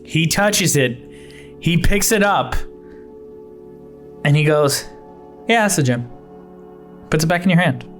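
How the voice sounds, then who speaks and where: A man's voice: a little high, unhurried, pauses often, soft background music. A young man narrating as game master, rambling with many fillers.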